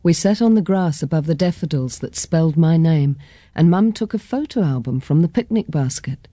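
A woman reading a children's story aloud in a gentle, expressive way. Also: low voice, moderate pace, no room sound, clean studio sound. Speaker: storybook reader.

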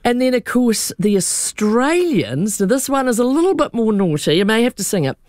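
A woman's voice: fairly high pitch, sing-song, normal speed, darkish tone, no echo, studio quality. A woman, a radio panelist chatting animatedly and laughing as she tells stories.

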